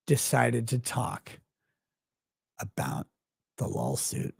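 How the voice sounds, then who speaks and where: Gravelly, sardonic streamer reading chat. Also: male voice, mid-range voice, animated, slow, long pauses, no room sound, studio quality. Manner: sardonic, jokey, with sudden loud outbursts and quiet asides. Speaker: show host.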